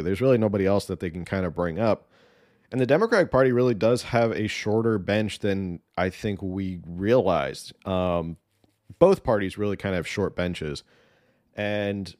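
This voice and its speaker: A man's voice: fairly low pitch, a little mellow, dry recording, clean studio sound. A man giving casual political commentary, rambling and opinionated, with many ums and restarts.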